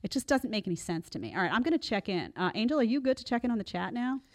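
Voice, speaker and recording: A woman in her forties hosts a live show with a lively, swooping delivery. She talks back to clips with sarcasm and often slips into mocking voices. Her pitch sits mid-range for a woman. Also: rapid-fire. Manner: sarcastic, animated, mocks others in put-on voices. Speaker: host.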